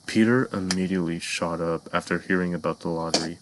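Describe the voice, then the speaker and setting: A man narrating a dark fan-made cartoon story in a measured storytelling voice, sometimes addressing the listeners. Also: low-pitched, steady tone, background noise.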